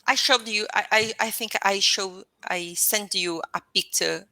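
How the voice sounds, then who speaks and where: A woman's voice: mid-range voice, a little slow, bright, forceful tone, no room sound. A woman with a Portuguese accent and Portuguese as her first language, speaking as a student in an online English lesson. She hesitates, restarts often and searches for words. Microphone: video call.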